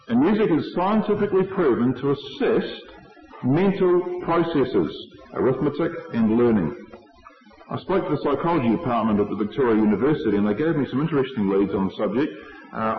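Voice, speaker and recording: A man giving a sermon, explaining his points in a measured way to a congregation. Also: medium pitch. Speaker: preacher. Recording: echoey hall, dull lo-fi sound.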